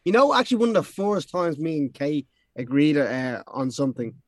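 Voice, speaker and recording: A man's voice: a little high, a little fast, no echo. A man, a guest on a podcast, telling joking stories in a slightly congested voice. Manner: joking storyteller, a little congested. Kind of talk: casual chat.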